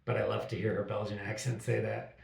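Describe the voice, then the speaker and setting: A middle-aged man co-hosting a podcast, chatting in an animated, wry and sarcastic way. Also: on the low side, fairly quick, gravelly, roomy sound, recorded from a distance. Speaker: podcast co-host. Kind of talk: casual conversation.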